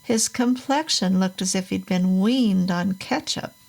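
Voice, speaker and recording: A woman reads a horror story aloud at an unhurried pace. Her delivery is measured and steady, with a middle pitch. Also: gravelly, rough recording. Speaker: narrator. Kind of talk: scripted story narration.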